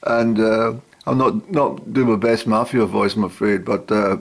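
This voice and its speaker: A middle-aged man telling old stories to a camera, rambling with lots of pauses and fillers. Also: fairly low pitch, fairly even intonation. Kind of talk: casual storytelling to camera.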